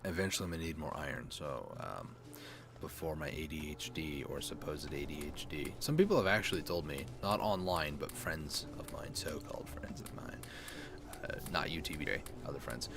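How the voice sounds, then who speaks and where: A young man with a sore throat, rambling quietly through late-night gameplay commentary. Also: a bass voice, big pitch swings, normal speed, vocal fry, music in the background. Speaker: gaming streamer.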